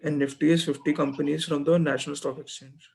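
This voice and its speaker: A man's voice: a little high, flat delivery, fast talker, gravelly, darkish tone, husky. A young man answering a lecturer's questions in class, careful and slightly unsure, with restarts. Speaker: student.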